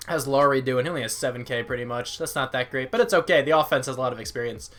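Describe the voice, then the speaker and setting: A man's voice: mid-range voice, very fast, a bit bright. Easygoing young man chatting over gameplay. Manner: rambling, easygoing, chatty with viewers. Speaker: gaming YouTuber. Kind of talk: casual let's-play commentary.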